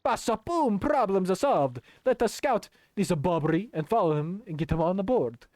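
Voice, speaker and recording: A man's voice: expressive, normal speed, a little mellow, dry recording. A man voicing a vain, showy male rogue merchant in a put-on Italian accent while playing a video game. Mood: grandiose. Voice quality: high theatrical flourish.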